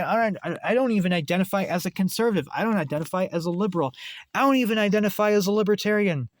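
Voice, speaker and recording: An American man giving an impassioned, profane political rant on his channel, swinging between loud outbursts and low muttering. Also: no room sound, clean studio sound. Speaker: channel host.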